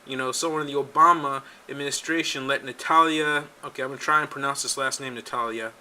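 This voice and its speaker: A man's voice: mid-range voice, steady tone, fast, pushed and bright. A man hosting his own political show, talking casually and sarcastically, often repeating himself as he goes. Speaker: political talk show host. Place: home studio in California.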